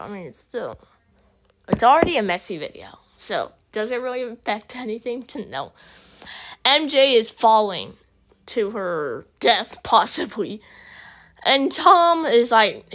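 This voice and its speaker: A woman vlogger rambling excitedly through a casual movie recap, full of restarts. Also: medium pitch.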